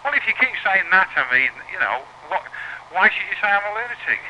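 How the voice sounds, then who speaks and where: A man's voice: high voice, big pitch swings, fast talker, bright, forceful tone. A man on a phone call, teasing and rambling with little giggles. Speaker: caller. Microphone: telephone line. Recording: noisy taped phone call.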